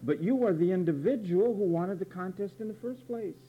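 A man's voice: high voice, lively intonation, brisk, slight background noise. A man preaching a sermon, emphatic and repetitive, pressing word meanings with rhetorical questions. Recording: dull lo-fi recording.

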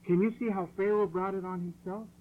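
A man preaching a sermon in a church hall, insistent and forceful, driving points home through repetition. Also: high voice, fairly even intonation, a little fast, phone-quality sound, a little hiss or hum. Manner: forceful, insistent, repeats phrases for emphasis.

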